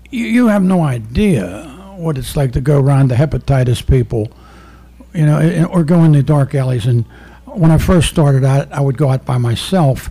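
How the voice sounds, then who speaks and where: A former undercover narcotics officer turned poet, giving a rambling, profane poetry reading full of stories. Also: male voice, medium pitch, warm tone, slightly rough. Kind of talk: live poetry reading with storytelling.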